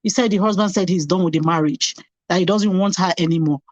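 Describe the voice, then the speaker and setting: A woman's voice: on the low side, quick pace, darkish tone, no echo, poor audio. A middle-aged woman, a nurse, telling her personal story as an interview guest. She speaks animatedly, acts out past conversations and repeats phrases for emphasis.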